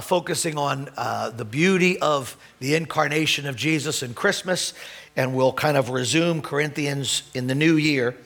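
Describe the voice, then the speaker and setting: A high-pitched man delivers a sermon in a loose, conversational way. He stumbles over restarts and clears his throat now and then, and his voice climbs when he reads scripture aloud. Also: fairly bright tone. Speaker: pastor.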